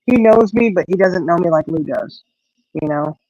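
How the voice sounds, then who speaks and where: A woman's voice: on the low side, lively intonation, normal speed, warm tone, dry recording. Chatty older woman, lo-fi. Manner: chatty, rambling storyteller with many fillers. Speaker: host. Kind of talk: casual chat.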